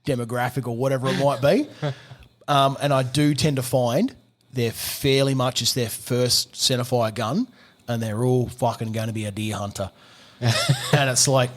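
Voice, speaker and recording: A middle-aged man, a gunsmith telling a story on a podcast, animated, swearing and laughing often. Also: medium pitch, moderate pace. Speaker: gunsmith guest.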